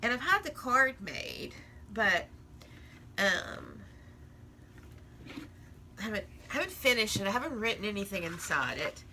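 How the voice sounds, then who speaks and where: A woman's voice: mid-range voice, very animated, measured pace, long pauses, pushed and bright, a little hiss or hum. A woman in a casual crafting vlog, chatting and rambling while she works, often laughing at herself. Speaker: crafting vlogger.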